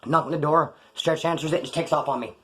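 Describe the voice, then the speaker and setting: Middle-aged man, fairly high voice, rambling profane monologue about prison days. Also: steady tone, quick pace, a bit bright. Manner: profane street slang, rambling. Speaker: storyteller recounting prison life. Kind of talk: casual monologue.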